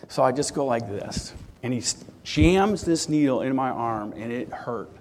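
A man's voice: medium pitch, animated, normal speed, a little mellow, a little hiss or hum. Guy preaching, just chatting a story out, lots of um and restarts, regular mid voice. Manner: conversational storyteller, frequent restarts and fillers. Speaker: church speaker. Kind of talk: sermon with personal testimony.

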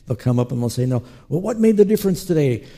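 A man preaching a sermon as pastor, telling lively stories and acting out the people he quotes. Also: medium pitch, fast talker. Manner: animated storytelling preacher who acts out quotes.

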